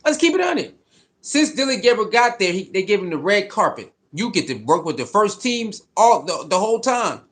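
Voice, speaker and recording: A fired-up man rants about his football team, cursing and repeating himself to drive his points home. His voice sits high and swoops around constantly. He sounds like a commentator who is fed up. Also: very animated, normal speed, few pauses, a bit bright. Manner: fired-up, profane, repetitive. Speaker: sports commentator. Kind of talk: heated sports commentary rant.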